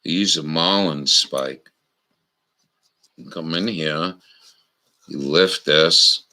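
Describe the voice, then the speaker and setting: A man hosting a casual livestream, showing knots slowly and cracking crude jokes with viewers in the chat. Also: rumbling low, pushed and bright, poor audio. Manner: salty, crude humor with frequent swearing; slow, instructional, talking to chat viewers. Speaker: livestream host.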